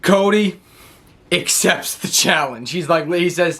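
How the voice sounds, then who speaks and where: A young man talks through a wrestling recap in a loose, rambling way, often laughing at his own retelling. His voice sits a touch high for a man, and he gets worked up as he goes. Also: slow pace, a bit bright. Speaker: wrestling show reviewer. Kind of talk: casual recap vlog.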